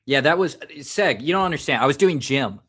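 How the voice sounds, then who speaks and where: A man's voice: a little high, expressive, brisk, a bit bright, breathy edge. An American man hosting a live stream, chatting casually and joking while drinking, rambling and self-mocking.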